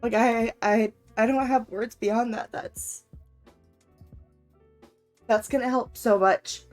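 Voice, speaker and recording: A woman streaming a game chats casually with her viewers in a somewhat high voice. She is emotional and stammers, laughing through her words. Faint music plays behind her. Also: fairly even intonation, slow pace, a little mellow. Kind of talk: casual live-stream chat.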